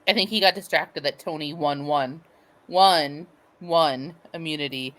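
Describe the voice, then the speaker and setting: A woman's voice: deep voice, fairly bright tone. A woman co-hosting a podcast, recapping a reality show in a sassy, slangy casual chat. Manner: sassy, quick to laugh, slangy. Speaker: podcast co-host.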